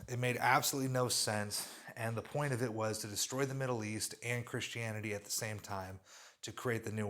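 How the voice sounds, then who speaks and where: Fervent man preaching in a monologue. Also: medium pitch. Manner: fervent, sweeping claims with sudden loud bursts and quiet asides. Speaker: religious commentator. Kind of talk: impassioned religious monologue.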